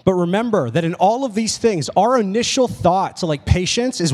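A young man preaching a casual, animated sermon, telling stories with lots of "like"s. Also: sits high, normal speed, few pauses. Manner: casual, animated storytelling with many "like"s. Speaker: pastor. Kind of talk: youth sermon. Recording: long reverb of a hall.

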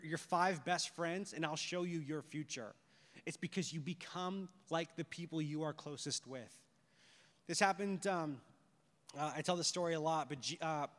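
Man, pastor, sermon, animated, rhetorical questions, high voice, reverberant hall.

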